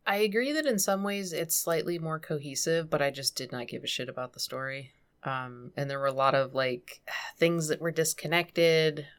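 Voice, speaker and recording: A woman's voice: low voice, moderate pace. A woman guest on a podcast, chatting with a wry, laughing manner. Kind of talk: casual podcast chat.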